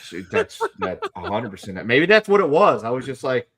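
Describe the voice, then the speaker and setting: A man co-hosting a casual pop culture podcast, jokey and quick to riff. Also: medium pitch, big pitch swings, a crowd in the background. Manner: jokey, slips into silly voices. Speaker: podcast co-host.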